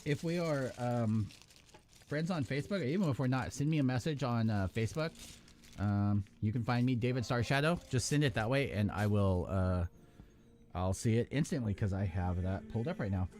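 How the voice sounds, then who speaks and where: A man with a mid-range, a little mellow voice hosts a live stream while building model kits, speaking at a moderate pace. He chats casually and rambles, often breaking off mid-sentence and swearing now and then.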